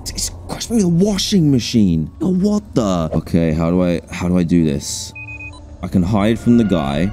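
A man giving live gameplay commentary as a gaming streamer, excitable and jumpy, with frequent laughter. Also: medium pitch.

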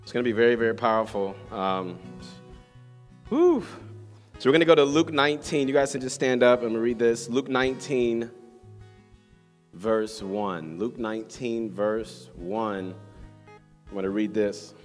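A man's voice: medium pitch, a little slow, long pauses. A man preaching a sermon to a congregation in a church, reading scripture and praying in a fervent, exhorting way. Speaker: pastor. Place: church hall with live congregation. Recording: long hall reverb, soft guitar behind.

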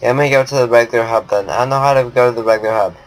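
A man's voice: mid-range voice, fairly even intonation, racing. Offhand, joking sick male gamer. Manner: offhand, joking, bossy with his friend. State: sick, coughing. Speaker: channel host. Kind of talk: casual gaming chat.

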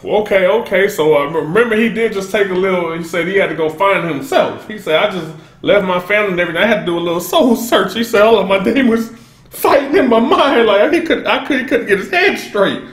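A man giving excited, casual commentary while reacting to a rap song, often stopping to say "hold up.". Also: high-pitched, brisk, roomy sound. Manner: excitable, keeps interrupting with "hold up"; bursts into laughter and shouts. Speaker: music reaction host.

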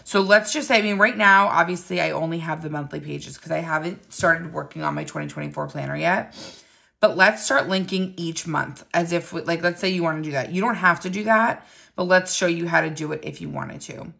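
Young woman host, just woke up, low gravelly morning voice; chatty, friendly app walkthrough. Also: fairly quick, pushed and bright. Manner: chatty, friendly, with frequent ums and likes. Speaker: digital planner seller and tutorial host. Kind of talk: casual app tutorial.

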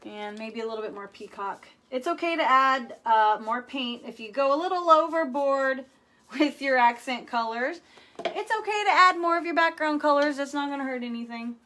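A woman's voice: sits high, normal speed, pushed and bright. Playful woman demonstrating painting techniques. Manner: chatty, playful, talks to viewers. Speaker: furniture painting host.

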